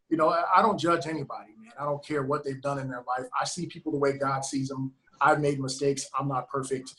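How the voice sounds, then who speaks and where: A man's voice: medium pitch, low-quality recording. A man, a sheriff's deputy, earnestly telling a heartfelt story on a video call and acting out the dialogue. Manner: earnest, emphatic, acts out quoted dialogue.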